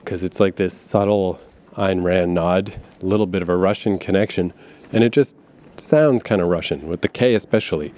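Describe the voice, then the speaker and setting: In a warm, fairly low voice, a man rambles on casually, cursing freely. Laughter breaks up his points, and he leans heavily on fillers and asides.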